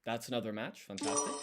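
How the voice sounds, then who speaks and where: A man's voice: medium pitch, background noise. A man streaming his language study, talking himself through each step as he writes. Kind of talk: thinking aloud while writing.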